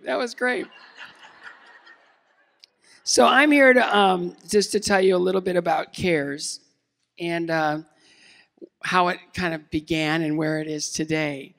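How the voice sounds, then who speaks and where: A man's voice: sits high, takes it slowly, vocal fry, pauses often, a bit bright. A man in his fifties from the United States giving a motivational keynote talk, casual and self-deprecating, with many fillers and restarts. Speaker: keynote speaker. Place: large event hall. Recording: long hall reverb.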